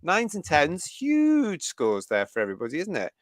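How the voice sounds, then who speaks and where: A man's voice: on the high side, huge pitch swings, normal speed, dry recording, clean studio sound. A man from the UK hosting a fan review live stream, reading out viewer comments in a chatty, enthusiastic way and laughing often. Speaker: host of a fan review livestream.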